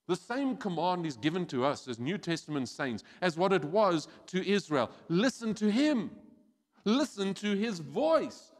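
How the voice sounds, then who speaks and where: A man preaching a sermon as pastor, animated and acting out quoted voices. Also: high-pitched, unhurried. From South Africa. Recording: church hall with long reverb.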